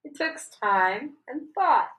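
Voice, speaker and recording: A woman's voice: high-pitched, expressive, takes it slowly, fairly bright tone, muffled recording. A young woman co-hosting a casual podcast, earnest and goofy with her friends. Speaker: podcast co-host.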